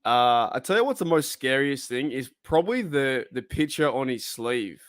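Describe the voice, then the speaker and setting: A man's voice: mid-range voice, very animated, moderate pace, fairly bright tone. A man with an Australian accent, chatting casually and rambling with frequent laughter as he hosts a football watch-party stream. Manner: giggly, rambling, breaks into laughter. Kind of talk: casual live-stream chat.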